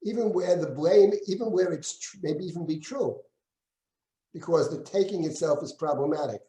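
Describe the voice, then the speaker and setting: A man's voice: moderate pace, dark tone. A man teaching a Bible class as a rabbi, reading verses aloud, translating them and acting out the speakers. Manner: reads Hebrew verses aloud, then translates and comments; acts out quoted speakers with shifts in pitch. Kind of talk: lecture with close text reading. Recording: echoey room.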